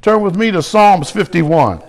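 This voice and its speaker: A middle-aged man preaching a sermon, animated, with shouted exclamations and slow, drawn-out scripture reading. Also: high voice. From United States. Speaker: bishop and pastor.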